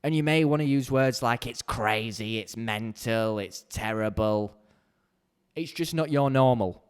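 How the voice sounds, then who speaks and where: A man's voice: mid-range voice, clean tone. A young man hosting a solo podcast, talking bluntly and candidly from a small home podcast corner. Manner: blunt, candid, heated when ranting. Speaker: podcast host.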